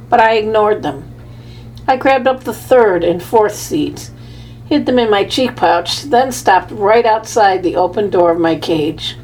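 A woman narrating a children's storybook in the first person, with a measured, lively telling. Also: mid-range voice, slight background noise, low-quality recording. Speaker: audiobook narrator.

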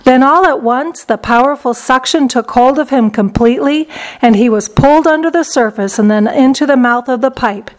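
A woman narrating a children's storybook aloud in a lively, expressive way. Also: high voice, normal speed. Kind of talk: storybook reading.

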